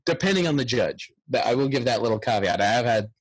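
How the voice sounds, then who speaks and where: Husky-voiced man telling lively stories. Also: mid-range voice, fast talker, no echo. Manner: animated storyteller, hums tunes aloud. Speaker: guest bagpiper. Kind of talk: casual podcast interview.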